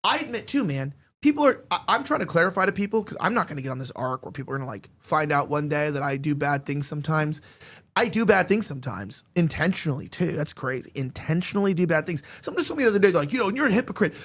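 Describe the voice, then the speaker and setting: High-voiced, rambling man on a podcast. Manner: rambling, animated, full of filler words and quick laughs. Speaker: podcast panelist. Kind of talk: casual podcast banter.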